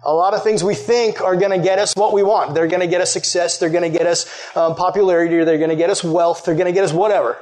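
High-voiced chatty young man preaching. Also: steady tone, fast talker, few pauses, darkish tone. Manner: chatty, loaded with "like" fillers, conversational. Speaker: youth pastor. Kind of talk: casual sermon with audience questions.

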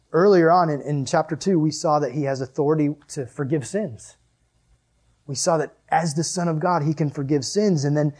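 Young male youth pastor, casual and animated, husky, higher-pitched. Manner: animated, chatty, heavy use of "like". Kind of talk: casual sermon.

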